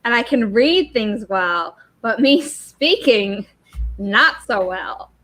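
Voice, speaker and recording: A woman's voice: a little high, lively intonation, slow, fairly bright tone, rough recording. A woman hosting a livestream, chatting casually and rambling from one story to the next. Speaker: livestream host. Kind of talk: casual chat.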